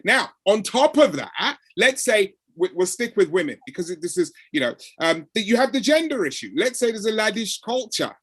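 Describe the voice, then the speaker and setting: A husky man with a voice that sits high speaks at normal speed with few pauses, and the audio has no room sound. His conversational talk covers code switching at work. He acts out each quoted exchange animatedly.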